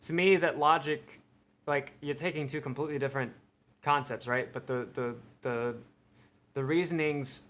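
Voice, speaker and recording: A man's voice: mid-range voice, fairly even intonation, normal speed, a bit bright. Profane rambling American man streamer. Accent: American, mixed Midwestern and New York tinge. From Ohio, USA. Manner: rambling, profane, thinking aloud. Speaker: livestream host. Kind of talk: casual live-stream chat.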